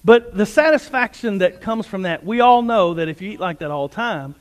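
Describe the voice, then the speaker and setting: A man preaching a sermon as pastor, energetic and quick, with joking asides. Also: high voice. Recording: long hall reverb.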